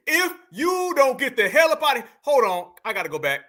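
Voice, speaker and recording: A US show host with a very high, bright, ringing voice reacts to clips in loose, slangy commentary at a slightly fast pace. He sounds incredulous, swears freely, and stays animated the whole way through.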